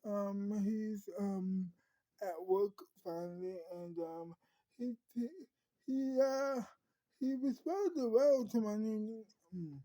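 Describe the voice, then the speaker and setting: An easygoing adult friend, content with life, stumbling through sentences with many fillers, as a woman narrator voices the part. The voice is dark and mellow, delivered slowly. The sound is dry. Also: mid-range voice, no echo, voice pushed up, lightly acted, rough recording. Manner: hesitant, halting with fillers.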